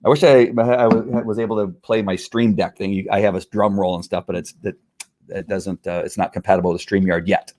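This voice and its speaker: A man's voice: fairly low pitch, steady tone, brisk, darkish tone. A man chatting casually on a live stream, rambling through a product review with restarts and chuckles.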